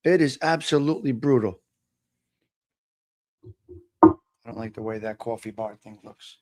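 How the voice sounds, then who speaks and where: A man from New Jersey hosting a casual morning livestream chat, loud and animated, swearing and teasing. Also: medium pitch, measured pace, no echo. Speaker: livestream host.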